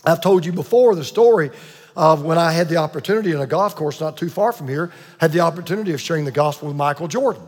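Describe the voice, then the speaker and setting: Older male pastor, high husky voice, preaching in a big reverberant church. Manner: emphatic preacher with dramatic pauses and asides. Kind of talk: sermon.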